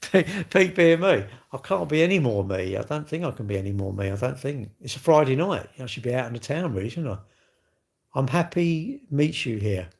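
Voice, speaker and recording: The livestream host, a middle-aged man with a gravelly mid-range voice, sounds animated and talks a little fast. He reads out comments from viewers and riffs on them in loose, joking, self-deprecating chatter.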